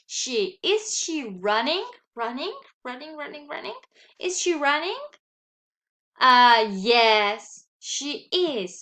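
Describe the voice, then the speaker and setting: Woman teacher for a kids' video lesson: unhurried, patient, a clear bright tone. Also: fairly high pitch. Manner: slow, patient, repeats and asks pupils questions. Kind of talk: recorded online lesson for children.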